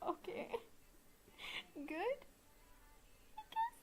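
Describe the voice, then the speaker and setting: A woman's voice: high-pitched, wildly swooping pitch, unhurried, long pauses, darkish tone. A young woman streaming a game live, rambling and chatty, self-mocking, with lots of fillers.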